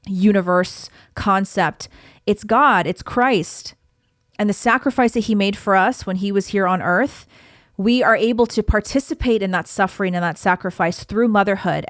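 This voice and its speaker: A woman's voice: medium pitch, no room sound. Earnest young woman podcaster, dry close sound. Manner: earnest, encouraging, conversational. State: pregnant. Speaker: podcast host. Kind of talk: casual solo podcast talk.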